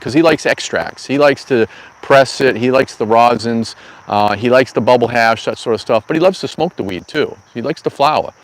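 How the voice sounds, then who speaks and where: Heard over poor audio, a middle-aged cannabis grow channel host speaks at normal speed in a mid-range voice during a live stream from an outdoor garden. He's an easygoing host talking with regulars, meandering through stories with folksy slang.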